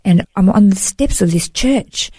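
An earnest woman recounts a personal story in a warm, mellow voice that sits at an ordinary pitch. She talks in heartfelt, flowing runs, peppered with "you know". The sound is close and dry. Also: lively intonation, a little slow, husky, no echo. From Australia. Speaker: guest sharing a personal testimony. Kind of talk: emotional first-person storytelling.

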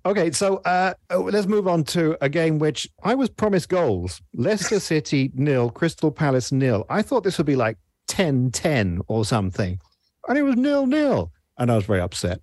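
A man's voice: fairly high pitch, sing-song, moderate pace, darkish tone, dry recording, clean studio sound. A man hosting a football panel show, jokey and playful as he moves between matches. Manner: jokey, playful, laughs often. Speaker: show host.

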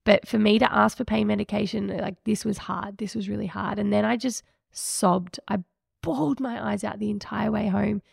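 A woman's voice: medium pitch, steady tone, moderate pace, gravelly, husky, no echo, clean studio sound. A woman hosting a podcast, candidly and emotionally recounting a personal experience in a reflective way. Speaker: podcast host.

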